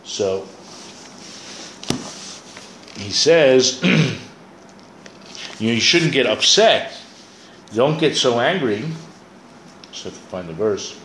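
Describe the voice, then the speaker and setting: A man's voice: medium pitch, expressive, takes it slowly, long pauses, a bit bright, slight background noise. A man teaching a Bible class, explaining Hebrew words and thinking aloud as he goes. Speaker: Torah teacher. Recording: echoey room, faint ambience.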